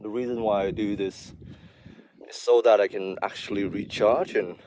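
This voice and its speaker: A man's voice: lowish voice, steady tone, moderate pace, darkish tone, slight background noise. Breathless, rambling young man vlogging. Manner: rambling, confessional, chatty with asides. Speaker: vlogger, healthcare worker. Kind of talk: casual talking-to-camera vlog.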